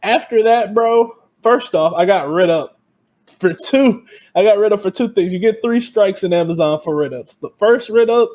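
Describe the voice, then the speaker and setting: High-voiced young man ranting casually. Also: moderate pace, darkish tone. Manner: profane, heated storytelling. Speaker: podcast co-host. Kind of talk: casual chat.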